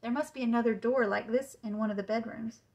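A woman's voice: fairly high pitch, steady tone, fairly quick, a little mellow, natural voice. A woman voicing a bossy, practical older girl. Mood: matter-of-fact.

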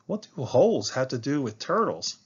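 A man reads a children's picture book aloud to a class like a teacher, slow and expressive. His voice is medium-pitched and husky, and the sound is lo-fi.

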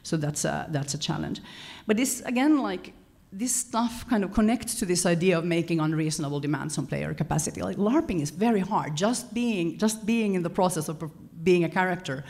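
Woman, conference speaker, low-ish voice, conversational lecture with frequent self-corrections. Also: fairly quick, gravelly, few pauses. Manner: animated, self-correcting, chuckles between points. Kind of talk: lecture-style talk to an audience.

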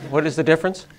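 A man's voice: on the high side, heavy background noise. Sniffly guy in his 40s cracking jokes at a user group talk, kinda chatty and rambling. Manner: self-deprecating, joking, chatty. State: sniffly from a cold. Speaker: tech presenter. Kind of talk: casual live talk to an audience. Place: meeting room with a live audience. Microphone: handheld mic.

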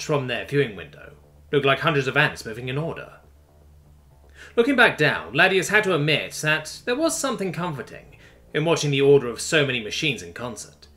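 A man narrating a science fiction story in an expressive, scripted reading. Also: medium pitch. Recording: faint music underneath.

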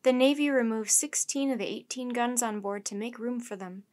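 A woman's voice: a little high, moderate pace, darkish tone, lightly acted. Friendly young scientist in a storybook voiced by a woman; polite, patient explainer.

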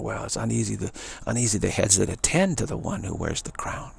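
A man speaking in a rambling spiritual monologue, halting and restarting, with mocking asides. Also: on the low side, vocal fry, a little mellow, breathy edge.

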